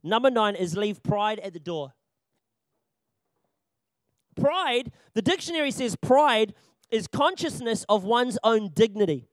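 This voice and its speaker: A young man with a strikingly high voice speaks a little slowly, with long pauses, in a church training talk on children's ministry. Still jokey and animated, he laughs often and repeats his key points for emphasis. The recording is close and dry, with no room sound.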